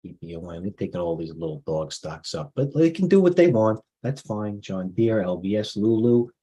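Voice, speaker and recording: Rambling husky man talking markets. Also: fairly low pitch, lively intonation, moderate pace, dark tone, poor audio. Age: middle-aged. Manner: rambling, muttering asides, restarts. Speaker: stock market live-stream host. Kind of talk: off-the-cuff market commentary.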